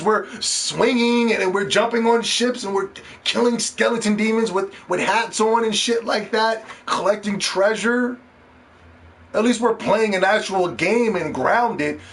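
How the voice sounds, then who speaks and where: Animated, profane podcast host ranting. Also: male voice, high voice, unhurried, a little hiss or hum. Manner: animated, profane, mocks others in put-on voices. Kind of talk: casual gaming podcast rant.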